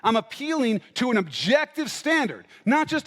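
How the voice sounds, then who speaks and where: Pastor preaching in a reverberant hall. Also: male voice, extremely high pitch, big pitch swings, normal speed, few pauses, fairly bright tone. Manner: conversational, checks in with "right?" and "okay?"; acts out both sides of an argument. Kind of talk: sermon. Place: church.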